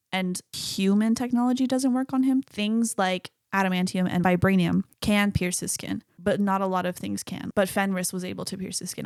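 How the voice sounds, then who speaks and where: A woman's voice: mid-range voice, a little mellow, no echo, studio quality. A woman hosting a solo podcast, talking casually and chattily about a movie, swearing freely. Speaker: podcast host.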